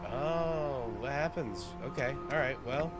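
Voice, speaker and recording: A man casually commenting on a game he is playing, joking with viewers, swearing and breaking out loud at times. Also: medium pitch, takes it slowly. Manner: jokey, chats with viewers, swears, bursts out loud. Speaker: gameplay streamer. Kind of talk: casual let's-play commentary. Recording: loud game music behind. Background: game music.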